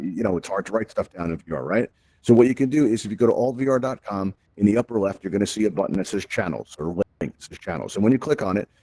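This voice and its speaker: A man's voice: lowish voice, a little mellow, dry recording. A man hosting a casual spoken tutorial through a VR headset microphone, chatty and forever checking in with "right?". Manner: chatty, keeps tagging lines with "right?". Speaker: host and presenter of a VR help event.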